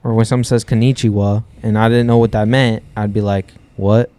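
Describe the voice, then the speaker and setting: A man's voice: fairly low pitch, level tone, fairly quick, mellow, clean tone, no room sound. A man co-hosting a podcast, arguing his point insistently in casual chat and restarting his sentences. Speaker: podcast co-host.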